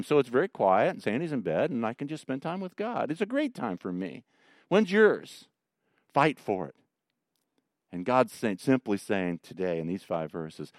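A man preaching a sermon as a pastor, folksy and animated, with joking asides. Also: medium pitch, moderate pace, no room sound, studio quality.

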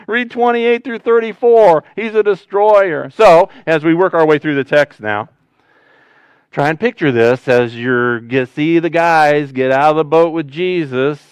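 A man preaches a sermon in a smooth, resonant voice, recorded close and dry. He talks conversationally, then swings up loud and animated before dropping to a hushed, low register. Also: measured pace, no room sound. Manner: conversational, animated preaching with sudden loud rises and quiet drops. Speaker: pastor.

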